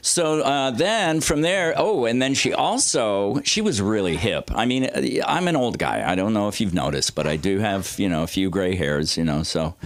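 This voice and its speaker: Older male comic in his sixties, deep voice, animated pitch, rambling and profane, stand-up storytelling. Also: moderate pace, hardly any pauses. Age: 60s. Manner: rambling, loose and profane, with filler words; swings his pitch widely for comic effect. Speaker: comedy teacher performing at an open mic.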